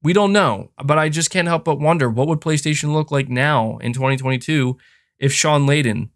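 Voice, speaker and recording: A podcast host with a slightly high voice talks at a moderate pace, frustrated and ranting casually about his opinions. He keeps using fillers and restarting his sentences.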